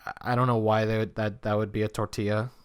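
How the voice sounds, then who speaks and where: A man's voice: on the low side, flat delivery, clear, resonant tone. A young man from Mexico hosting a casual podcast chat, hesitant and full of restarts. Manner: hesitant, restarts often, quick laughs. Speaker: podcast host.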